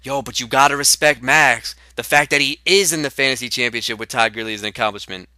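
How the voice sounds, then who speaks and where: A man's voice: medium pitch, quick pace, bright, forceful tone, dry recording. A man doing a comedic impression of a laid-back young male buddy who drawls out mumbled objections. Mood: reasoning.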